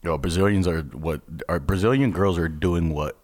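A man's voice: low voice, normal speed, darkish tone. A young man co-hosting a casual podcast chat, laid-back and joking, swearing casually. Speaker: podcast co-host.

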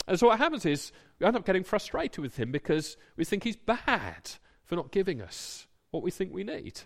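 A man in his thirties delivers a sermon with a slightly high voice. His delivery is lively and swings up and down in pitch. He acts out the voices of imagined people as he preaches.

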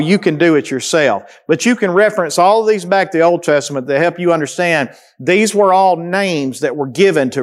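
A man preaching a sermon, reading scripture aloud and explaining it, often asking the congregation questions and answering them himself. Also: on the high side. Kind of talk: sermon teaching through scripture.

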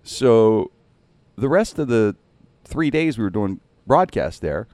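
A man with a somewhat low voice tells a story in a casual, animated way, leaping up in pitch at punchlines. It is recorded dry and close, with no room sound. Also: slow, no echo. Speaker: radio host and impressionist.

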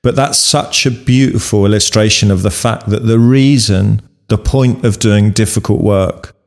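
Host guy with a low voice, calm, says stuff twice for emphasis. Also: gravelly. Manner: measured, warm, repeats key words. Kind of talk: reflective interview commentary.

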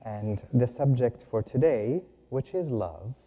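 Male speaker, unhurried humorous storyteller, lively pitch, reverberant hall. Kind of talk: spiritual talk with storytelling.

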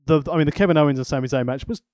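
A man's voice: fairly high pitch, very fast, a little mellow, dry recording. A man co-hosting a casual wrestling podcast, talking with dry, sarcastic wit. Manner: wry, sarcastic commentary.

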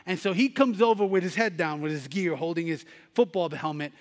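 A man's voice: a little high, fairly quick, long reverb tail. A man preaching a sermon, telling a story and rising to emphatic Bible readings.

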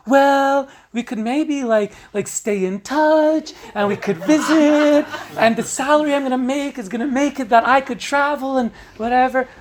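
A man voicing his excited young partner in a retold conversation, bubbly and eager. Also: extremely high pitch, moderate pace, few pauses, a little hiss or hum, pitched above the performer's own voice. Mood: coaxing.

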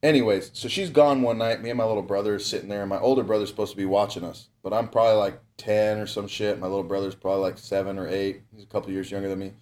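A man's voice: fairly low pitch, steady tone, very fast, few pauses, darkish tone. A young man telling a long story in a casual, rambling way, swearing constantly and breaking into laughs. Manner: profane, rambling, laughs often.

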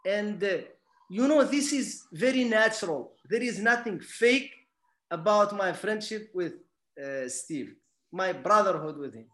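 A man with a non-native English accent, telling a personal story in a halting way full of restarts. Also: high voice, lively intonation, fairly bright tone, reverberant. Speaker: guest.

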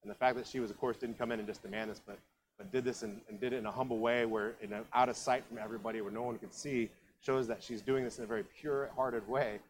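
A man's voice: mid-range voice, steady tone, quick pace, a little hiss or hum, low-quality recording. A male pastor from Ohio preaching a sermon in a conversational, storytelling way, full of asides and questions to the congregation.

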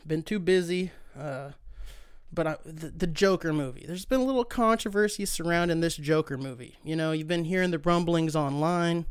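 High-voiced man ranting on a podcast. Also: normal speed, clean tone, no room sound, studio quality. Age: young adult. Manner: profane, ranting, sarcastic. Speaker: podcast host. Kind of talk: solo podcast rant.

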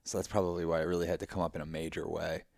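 Deep gravelly man, emphatic and effusive. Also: flat delivery, rapid-fire, darkish tone, no room sound, clean studio sound. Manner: emphatic and effusive, swears freely, spiritual talk. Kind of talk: casual heartfelt conversation.

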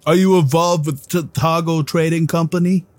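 A man voicing a proud male warrior priest devoted to martial arts, in a formal, gruff tough-guy drawl during a tabletop game. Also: a little high, fairly even intonation, moderate pace, darkish tone, voice pushed up, lightly acted. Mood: boastful. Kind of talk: tabletop game role-play.

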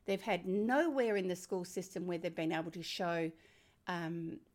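An older woman with an Australian accent, a former teacher speaking as a guest in a conversation, emphatic and animated. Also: moderate pace. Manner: animated, emphatic, rising to high exclamations. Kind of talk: conversational interview.

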